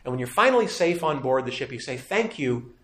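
A man's voice: medium pitch, sing-song, quick pace, fairly bright tone. A man, a priest, teaching a scripture lesson in a conversational way and asking his class rhetorical questions. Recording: roomy echo.

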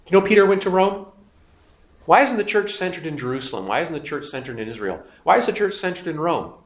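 Animated man teaching a Bible class. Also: on the high side, fast, roomy sound. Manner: lively, emphatic, asks questions and answers them himself. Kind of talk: catechism lecture.

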